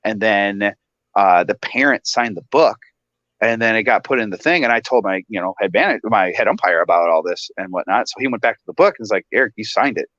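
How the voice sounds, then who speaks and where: A man on a casual talk show, animated and laughing often as he tells a story. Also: lowish voice, brisk, no echo, lo-fi sound. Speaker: guest.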